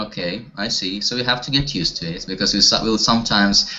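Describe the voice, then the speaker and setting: A man's voice: on the low side, brisk, bright, forceful tone. A man teaching an online English class, talking hesitantly with many fillers and restarts. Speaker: language teacher. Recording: dull lo-fi audio.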